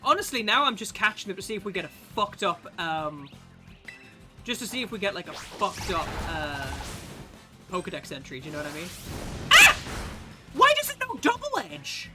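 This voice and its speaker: A woman streamer commentating live on a game, with loud, profane outbursts of disbelief. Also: fairly low pitch, animated, fairly quick, soft background music.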